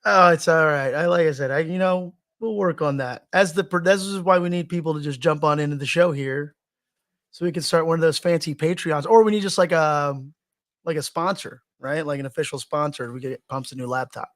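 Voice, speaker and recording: Man, podcast co-host, casual joking chat, fairly high voice, restarts sentences. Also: brisk, fairly bright tone. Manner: loose and joking, often restarts his sentences.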